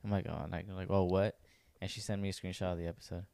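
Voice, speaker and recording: A man's voice: low voice, steady tone, racing, vocal fry, darkish tone, no room sound. A man co-hosting a podcast in casual, profane, joking banter. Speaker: podcast co-host. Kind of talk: casual chat.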